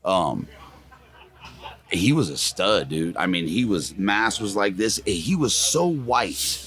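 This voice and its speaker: A man chatting casually, an excitable storyteller who laughs often. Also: low-pitched, slow pace. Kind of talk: casual hunting chat.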